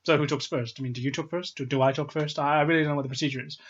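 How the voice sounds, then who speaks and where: A man voicing a cocky young male pilot who answers his interrogator with dry, mock-polite sarcasm in a low, quiet voice. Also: steady tone, racing, breathy edge. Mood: deadpan cheeky. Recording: dull lo-fi sound.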